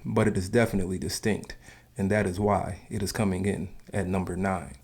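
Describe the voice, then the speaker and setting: A man with a notably low, deep voice narrates an explainer video. His delivery is casual and opinionated, like someone sharing his own views while reading a script. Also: little pitch movement, fairly quick, a little mellow, husky. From Southern United States.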